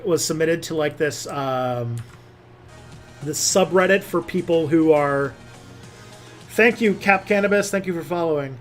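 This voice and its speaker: A young man hosting a casual livestream, reading viewer comments and rambling with many fillers and restarts. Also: fairly high pitch. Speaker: livestream host.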